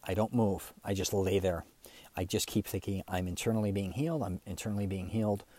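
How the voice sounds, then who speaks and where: A middle-aged man hosting a podcast, telling a personal story in a casual, animated way and acting out the quoted dialogue. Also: a little fast, no room sound. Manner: animated, acts out quoted dialogue with pitch jumps. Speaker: podcast host.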